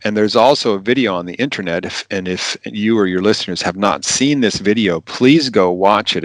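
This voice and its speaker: Man, physician, low voice, animated and emphatic, podcast interview, dry close sound. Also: dry recording. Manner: animated, emphatic, repeats key phrases. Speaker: physician giving advice. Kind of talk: podcast interview, practical advice.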